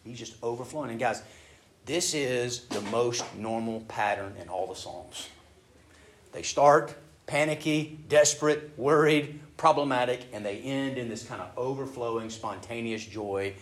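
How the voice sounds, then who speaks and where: A man preaching a sermon in a conversational, emphatic way, asking his listeners questions and swinging between hushed and loud. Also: lowish voice, normal speed. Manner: conversational, emphatic, asks the audience rhetorical questions.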